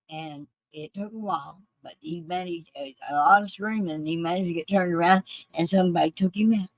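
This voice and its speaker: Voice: medium pitch, brisk, few pauses, dry recording, rough recording. A speaker earnestly retelling a personal story with quoted voices.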